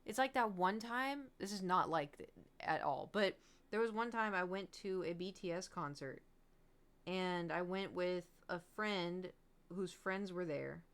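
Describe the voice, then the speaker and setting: A woman's voice: lowish voice, measured pace, a bit bright, clean tone. A woman livestreamer in casual, rambling chat, candid and swearing freely with frequent laughs.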